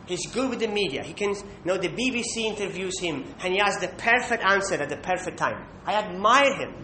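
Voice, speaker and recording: High-voiced man preaching in an echoey room. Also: lively intonation, brisk, sharp tone. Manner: emphatic, with rhetorical "Hmm?" checks. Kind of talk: sermon. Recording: echoey room with faint rumble.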